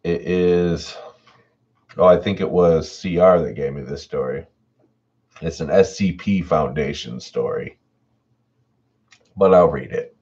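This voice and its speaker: Man, horror narrator and stream host, extremely deep and husky, relaxed chatty delivery, dull lo-fi mic. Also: takes it slowly, pauses often. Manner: relaxed and chatty, reads chat messages aloud. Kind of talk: reading stories aloud and chatting with viewers. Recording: dull lo-fi home audio.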